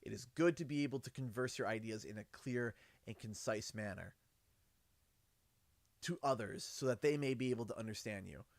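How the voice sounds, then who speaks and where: A man's voice: mid-range voice, moderate pace, dry recording. A man in his thirties, a livestream host chatting casually and acting out family conversations in quotes. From Canada. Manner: animated storytelling, acts out his kids' and his own lines in quotes.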